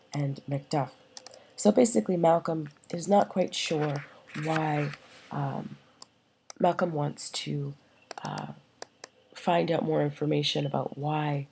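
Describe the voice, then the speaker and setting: A woman's voice: low-pitched, gravelly, warm tone, slightly rough, low-quality recording. A woman teacher giving a recorded class lecture, explaining with many fillers and checking that her listeners follow.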